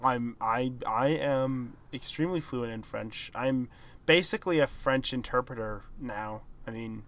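A young man in easygoing podcast banter, his pitch sitting in the middle of the range. He hedges and rambles, and his sentences often trail off softly. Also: unhurried. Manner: rambling, hedging, trailing off quietly. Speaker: podcast co-host. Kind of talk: casual chat.

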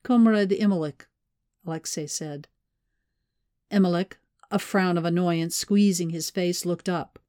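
Brief: woman narrator, lower voice, measured read, very dry booth sound. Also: fairly even intonation, darkish tone, no room sound. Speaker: audiobook narrator. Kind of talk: scripted narration.

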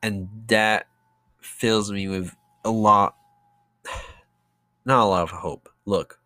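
Young male vlogger, unhurried audio-diary delivery, sarcastic and full of fillers. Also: on the low side, steady tone, sharp tone, no room sound. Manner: rambling, sarcastic, many fillers and restarts.

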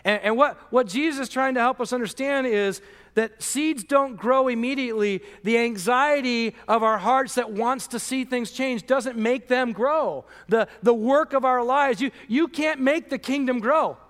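A man preaches to his congregation in an earnest, emphatic way. He acts out the voices he quotes and builds to near shouts on his key points. His voice sits very high for a man, and a long church-hall reverb trails behind every phrase. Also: moderate pace. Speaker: pastor. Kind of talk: sermon. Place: church sanctuary.

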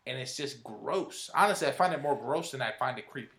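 A man co-hosting a casual movie review chat, speaking in a relaxed way with lots of fillers and restarts. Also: medium pitch, brisk, reverberant. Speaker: movie review show co-host.

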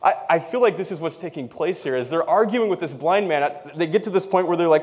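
A man's voice: fairly high pitch, expressive, a little fast, hardly any pauses. A man preaching a sermon in a conversational way, laughing now and then and reading scripture aloud. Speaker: pastor.

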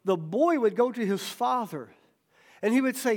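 A man's voice: high voice, animated, moderate pace, a little mellow. A middle-aged male pastor giving a folksy, joking sermon, checking in with "okay?" and "right?" and acting out the voices in his stories. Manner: acts out quoted voices in stories.

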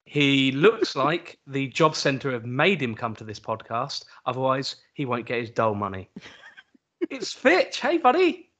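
Teasing podcast host. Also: male voice, medium pitch, very animated, measured pace, a bit bright. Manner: dry, teasing banter. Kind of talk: casual chat.

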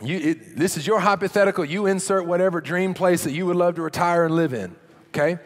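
A man preaching a sermon as a pastor, animated, dropping low and quiet for emphasis. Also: a little fast. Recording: long hall reverb.

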